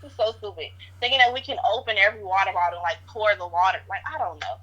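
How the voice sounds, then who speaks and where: In a casual interview, a woman rambles through an account of events, using lots of fillers. Her mid-range voice moves quickly and sounds a bit bright, though the lo-fi recording is dull.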